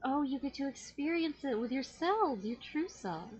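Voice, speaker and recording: A woman's voice: high voice, lively intonation, normal speed, no echo, dull audio, voice pushed up. A woman voicing a serene moon-eyed mystic. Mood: welcoming.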